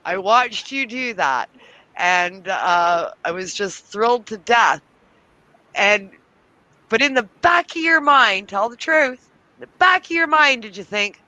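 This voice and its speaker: A woman's voice: medium pitch, expressive, unhurried, pushed and bright, no echo, rough recording. A woman hosting a talk show, asking eager, probing questions in a casual way. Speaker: host. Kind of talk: interviewing, casual chat.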